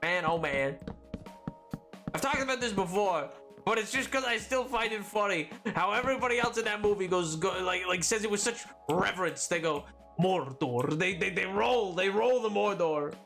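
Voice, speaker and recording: A man's voice: high-pitched, lively intonation, normal speed, vocal fry, bright, forceful tone, soft background music. A man chatting casually on a live gaming stream, bantering playfully with his chat and acting mock-indignant when they tease him.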